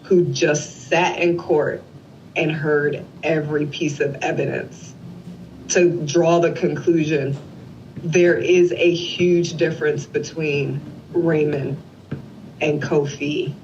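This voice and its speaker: A woman's voice: low voice, slow, a little hiss or hum. A woman in her forties, a guest in an interview, telling an emotional family story and acting out the dialogue of the people in it. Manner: animated storyteller who acts out quoted dialogue. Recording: slightly dull lo-fi recording.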